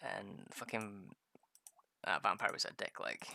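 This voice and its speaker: A man's voice: fairly low pitch, lively intonation, takes it slowly, creaky, pushed and bright, dry recording. A man chatting casually over gameplay, telling rambling stories full of swearing. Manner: rambling, profane storytelling. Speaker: gamer.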